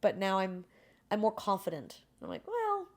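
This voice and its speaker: An animated woman speaking as a guest in a casual interview. She is candid and self-deprecating, and she acts out the people she quotes in shifting voices. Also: mid-range voice, moderate pace. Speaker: guest, beverage brand founder.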